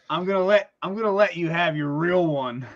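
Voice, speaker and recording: A man co-hosting a casual sports talk show, excitable, repeating words and saying "dude" often. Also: sits high, a little slow, dull audio. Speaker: podcast co-host.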